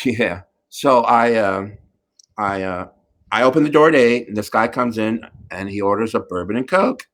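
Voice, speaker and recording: A man's voice: on the low side, expressive, moderate pace, a bit bright. A middle-aged man hosting a talk show, telling a campy, laughing story in casual chat.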